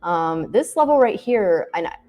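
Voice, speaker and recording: A woman with a notably low voice walks through chart levels on a live trading stream. She is friendly and easygoing, and she explains each step plainly. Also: lively intonation, moderate pace, warm tone, soft background music. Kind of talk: casual market commentary.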